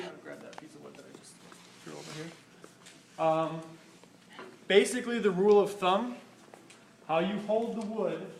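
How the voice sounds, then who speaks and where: A man's voice: a little high, slight background noise. A young man casually demonstrating band saw safety in a school workshop, moving around the machine as he explains. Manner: informal, repeats "basically" and "rule of thumb". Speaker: shop safety instructor. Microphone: camera microphone from a distance. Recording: roomy, distant camera audio.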